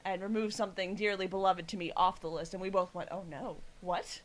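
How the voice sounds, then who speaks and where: A woman's voice: medium pitch, fairly even intonation, fast. A woman co-hosting a casual podcast chat, telling a story in a dry, wry way. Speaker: podcast co-host.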